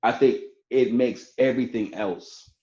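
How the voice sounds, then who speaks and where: A barber and entrepreneur, guesting on a podcast, talks loosely about his marriage, with plenty of fillers and restarts. His medium-pitched, mellow voice is a little slow, and the podcast audio is roomy and slightly dull.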